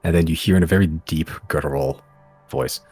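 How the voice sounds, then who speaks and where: A man narrating a tabletop game as game master, describing scenes in a halting way with many fillers. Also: deep voice, flat delivery, a little mellow, slightly rough, faint music behind.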